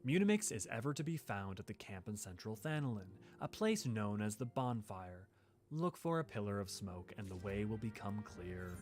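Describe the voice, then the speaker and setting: A man voicing a calm, solemn woman leader who speaks in a measured, formal way. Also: fairly low pitch, pitched below the performer's own voice.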